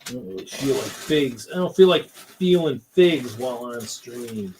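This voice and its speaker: A man's voice: mid-range voice, expressive, unhurried, darkish tone. Man muttering over noisy stream audio. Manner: muttering to himself while rummaging. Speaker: co-host. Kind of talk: casual chat while sorting minifigures.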